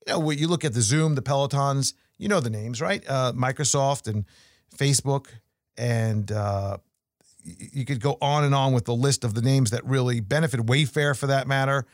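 A man's voice: medium pitch, moderate pace, dry recording, clean studio sound. A man giving casual market commentary, conversational and chatty, with fillers, restarts and storytelling asides.

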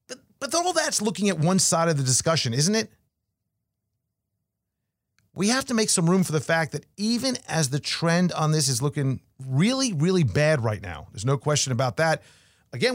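A man with a slightly higher voice gives a casual market commentary, talking in a loose, conversational way with fillers and the odd story. The sound is dry and close, with no room around it. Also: no room sound. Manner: conversational, storytelling asides, frequent fillers and restarts.

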